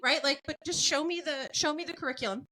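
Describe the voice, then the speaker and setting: Bright, animated woman podcast host. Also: sits high, poor audio. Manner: animated, blunt, quick to laugh. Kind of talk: casual podcast chat.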